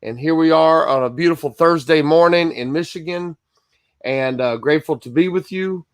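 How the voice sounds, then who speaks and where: A man's voice: on the high side, moderate pace, smooth, dry recording, clean studio sound. A man hosting a live-streamed Bible study from Michigan, chatting casually and greeting viewers by name between rambling asides.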